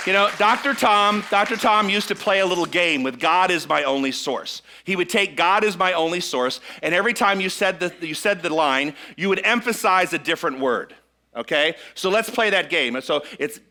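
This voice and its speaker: A middle-aged male minister preaches to a live congregation in a church sanctuary, frequently checking in with them and leading call-and-response. His voice sits high, with a brisk delivery and a sharp tone. A faint crowd is audible.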